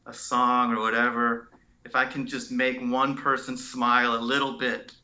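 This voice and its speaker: A man who is an oncologist, speaking as a guest in a conversational interview, telling stories in an animated, expressive way. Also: medium pitch, normal speed, highs cut off. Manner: animated, expressive storyteller who acts out sounds and quotes.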